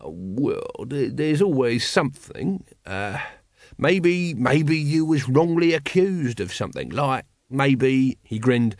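A man's voice: on the high side, darkish tone, dry recording, studio quality, voice pushed up. A man doing a sly, wheedling little corporal. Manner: wheedling, talks out of corner of mouth. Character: cynical scruffy small middle-aged male corporal.

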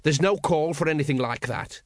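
A rough street mob leader, played by a male narrator, drawling his words with coarse sarcasm. He sounds a touch higher and slower than the reader's own voice, recorded close and dry. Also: dry recording, lightly acted. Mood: nervous. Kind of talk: audiobook character voice.

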